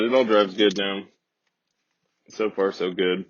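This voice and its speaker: A man casually telling a rambling, profane, deadpan comedic story as a podcast host. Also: low-pitched, slow. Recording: dull lo-fi dry recording.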